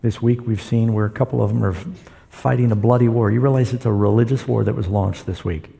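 A man's voice: fairly low pitch, fairly even intonation, fairly quick, vocal fry, dark tone. A man preaching a sermon, retelling scripture stories and acting out the voices in them. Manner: storytelling, acts out quoted voices.

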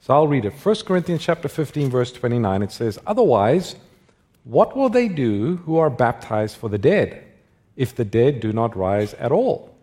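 Husky-voiced pastor reading a question. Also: male voice, medium pitch, sing-song, dark tone. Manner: measured, reads verses slowly. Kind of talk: reading a Bible question aloud.

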